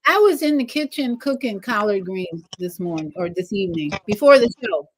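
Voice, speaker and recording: Woman hosting a livestream, chatty and animated, little bit of background noise. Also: normal speed. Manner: animated, acts out greetings in a lively higher voice. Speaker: talk show host. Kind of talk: casual livestream chat.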